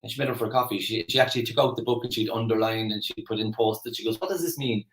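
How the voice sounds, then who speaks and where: A man's voice: lowish voice, level tone, rapid-fire, fairly bright tone, reverberant, poor audio. An Irish man giving a casual motivational talk, chatty and rambling with lots of restarts and fillers. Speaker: motivational speaker.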